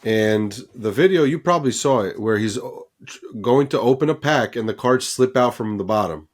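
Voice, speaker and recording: A man's voice: mid-range voice, animated, moderate pace. A man co-hosting a casual podcast, rambling and self-deprecating with lots of fillers. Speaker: podcast co-host. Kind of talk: casual chat.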